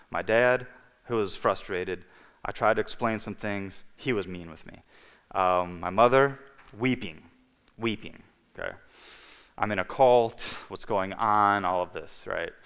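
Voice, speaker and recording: A man with a low voice gives a personal testimony at a church event. He tells it like a storyteller, acting out the other voices and checking in with the congregation. His words ring out with the long reverb of a church hall on a livestream. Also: fairly bright tone. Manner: storytelling, acting out dialogue, frequent "okay?" and "you know". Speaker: guest speaker.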